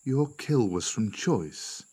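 A wise old male elephant, master of the jungle, in a read-aloud tale, as a man puts him on. His voice is deep, soft and slow, every word weighed. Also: steady tone. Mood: grave. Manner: quiet and grave.

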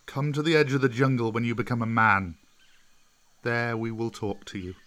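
A man voicing a group of loyal young wolf cubs in a storybook reading, speaking softly. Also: mid-range voice, fairly even intonation, moderate pace, lightly acted.

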